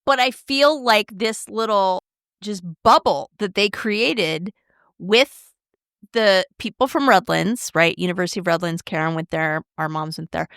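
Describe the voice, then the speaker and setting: A middle-aged woman in casual podcast chat, frank and lively, leaning on "like" and "right?" as she talks. Her voice sits at a middling pitch, recorded dry and close with no room sound. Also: measured pace, clear, resonant tone, no echo. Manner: candid, animated, says "like" and "right?" a lot. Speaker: podcast co-host.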